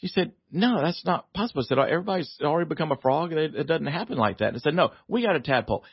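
A man, a guest author on a radio talk show, telling a family story in a lively way, laughing often and acting out the voices. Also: fairly high pitch, rapid-fire, slightly rough, no room sound, muffled recording.

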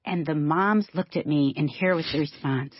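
A woman hosting a podcast interview, telling a personal story in an expressive, empathetic way. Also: low voice, slightly rough, no room sound, highs cut off. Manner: empathetic, expressive, quick to laugh. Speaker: podcast host.

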